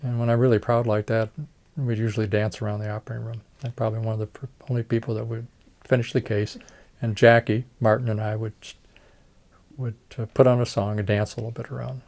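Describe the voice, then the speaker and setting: A man's voice: medium pitch, little pitch movement, fast talker, a little mellow. An older man, a retired surgeon, telling stories in an oral history interview and acting out the voices of the people he quotes. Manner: storytelling, reenacts dialogue, chuckles. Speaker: retired facial plastic surgeon.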